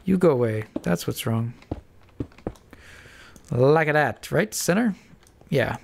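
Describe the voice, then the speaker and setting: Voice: medium pitch, animated, slow, gravelly, pauses often, darkish tone, slight background noise. A stuffed-up player mumbling and thinking aloud while building in a block game. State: stuffed-up nose. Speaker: Minecraft let's-player. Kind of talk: casual building commentary.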